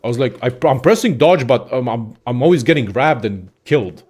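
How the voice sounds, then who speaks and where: A young man casually ranting about games in a profane, excitable, rambling way as a content creator. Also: medium pitch, brisk, husky. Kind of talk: casual gaming rant.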